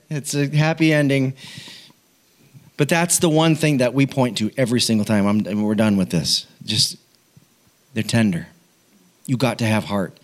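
A middle-aged man preaches, telling a personal story set in his own home. Animated and self-mocking, he breaks into laughter and restarts sentences, his voice at an ordinary middle pitch.

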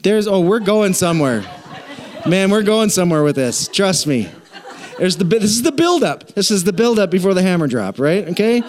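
Middle-aged male pastor, sermon delivery, chatty and self-mocking, slightly higher-pitched voice. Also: moderate pace. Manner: storytelling, animated and self-deprecating.

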